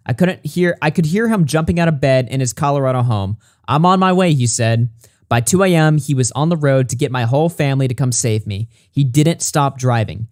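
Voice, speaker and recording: A man reading a written statement aloud in a measured way, with occasional stumbles and brief asides. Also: medium pitch, darkish tone, no room sound, studio quality. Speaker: commentary YouTuber.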